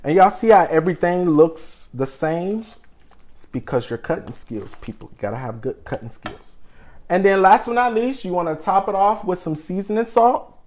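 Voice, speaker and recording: A young man runs a live home cooking demonstration in a slightly high-pitched voice. He chats steadily with his viewers and brags a little about his skills in a playful way. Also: animated, moderate pace, a little mellow. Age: young adult. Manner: chatty, keeps calling the viewers "people", playfully boastful. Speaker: home cook host.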